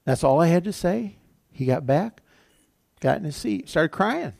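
Older pastor with a gravelly, lively voice. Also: male voice, on the high side, measured pace, no room sound, clean studio sound. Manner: conversational, storytelling with self-corrections. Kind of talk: sermon.

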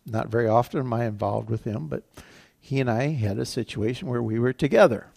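Delivering his sermon, the older pastor recounts a personal story in a chatty way, often restarting and correcting himself. The recording is dry, and his mid-range voice is a little fast, with vocal fry and a darkish tone.

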